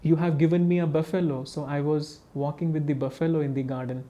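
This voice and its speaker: A man voices a meek young disciple, polite and earnest. His tone is soft and mellow. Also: on the high side, fairly even intonation, fairly quick, natural voice.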